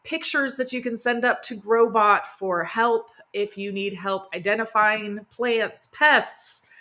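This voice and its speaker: Bright, chatty woman gardening host. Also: a little high, takes it slowly. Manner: chatty, enthusiastic, frequent laughs and fillers. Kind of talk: live stream chat. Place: home near a sunroom.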